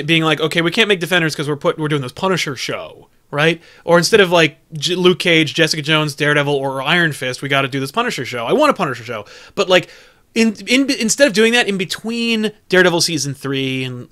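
Casting note: young man, fairly high and bright, casual chat, swears a lot, restarts often. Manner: profane, excitable, stumbling restarts.

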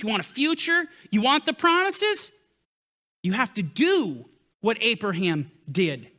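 High, bright-voiced male Bible teacher. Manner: emphatic, rhetorical questions, dramatic swings from loud to hushed. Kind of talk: sermon-style Bible teaching.

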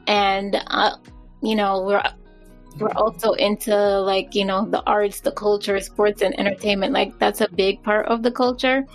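A woman's voice: medium pitch, little pitch movement, normal speed, faint music behind, low-quality recording. A woman, an educator answering interview questions in a hesitant, word-searching way. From Jamaica. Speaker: guest educator.

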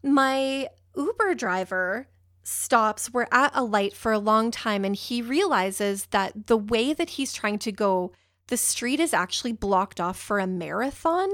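A woman's voice: a little high, lively intonation, measured pace, fairly bright tone, no echo, clean studio sound. A young woman telling a personal story in a rambling, emotional way, with a few swear words.

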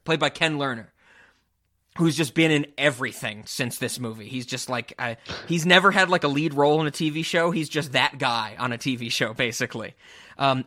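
A man's voice: fairly high pitch, bright, forceful tone. A man hosting a casual film discussion podcast over a remote call, enthusiastic and rambling, swearing casually. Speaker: podcast host. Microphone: remote podcast call, cameras off.

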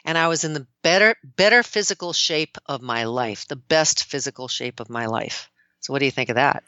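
Guest, woman in her 60s, from the US, bright and lively, dull remote-call sound. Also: very deep voice, normal speed, no room sound. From United States. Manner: enthusiastic, animated storytelling. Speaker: guest, nurse practitioner. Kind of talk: casual interview talk.

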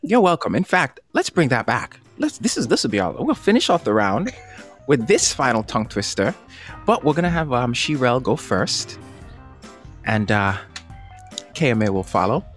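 Lively upbeat man hosting a game. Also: moderate pace, faint music behind. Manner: upbeat, laughs often, very lively pitch. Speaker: host. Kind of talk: game show banter.

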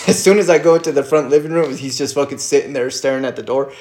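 A man chatting casually with a friend, telling swear-filled stories and getting loud and excited when reacting to a fight. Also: mid-range voice, fast talker. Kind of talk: casual chat while watching fights. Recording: roomy echo.

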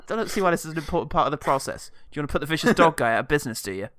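A man's voice: fairly high pitch, expressive, fast talker, pauses often, fairly bright tone, no room sound, clean studio sound. A man co-hosting a podcast, summing up a film with sardonic, mock-earnest sarcasm. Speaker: podcast co-host. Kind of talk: casual chat reviewing a film.

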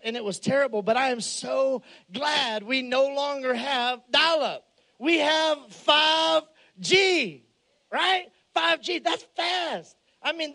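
High-voiced preacher, animated and jokey. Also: male voice. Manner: animated, jokey, shouts for emphasis. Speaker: pastor. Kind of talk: humorous storytelling sermon.

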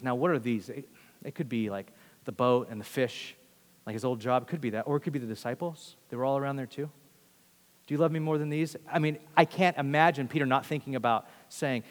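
Animated male preacher in a reverberant hall. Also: medium pitch, fairly quick. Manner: animated storytelling, acts out quotes, swings loud to hushed. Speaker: pastor. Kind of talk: sermon.

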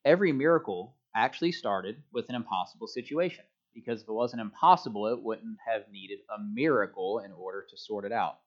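A man giving a relaxed, chatty sermon to a church congregation, joking about himself as he goes. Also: fairly low pitch, a little fast, hardly any pauses. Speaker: preacher. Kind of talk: casual sermon. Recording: dull lo-fi sound.

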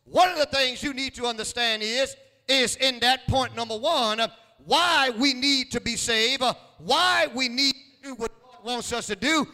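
A man with a very high, bright, ringing voice preaches a sermon in a style. He repeats his lines, throws questions at the congregation and swells into shouts. The sound carries a long echo from the hall. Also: normal speed. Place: church sanctuary.

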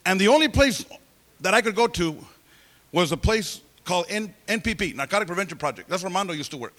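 A man telling his life story as a testimony in a sermon, animated and acting out the voices of people he quotes. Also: high voice, fairly quick. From California. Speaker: preacher giving testimony.

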